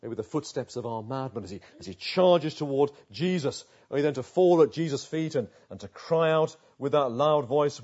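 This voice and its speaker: A man's voice: medium pitch, expressive, moderate pace, hardly any pauses, a little mellow, dull audio. A man preaching a sermon, building vivid pictures through repeated rhetorical questions.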